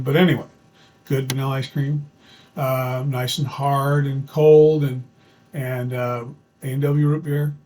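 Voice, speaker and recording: A man's voice: medium pitch, darkish tone, a little hiss or hum, rough recording. A man telling a true story from his own life in a chatty, folksy way, with plenty of fillers and restarts. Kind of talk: casual personal storytelling.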